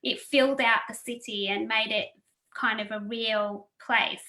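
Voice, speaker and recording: Aussie woman interviewing someone, bright highish voice, lots of ums, echoey room. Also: fairly even intonation, measured pace. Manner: enthusiastic, many ums, laughs between phrases. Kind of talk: casual interview talk.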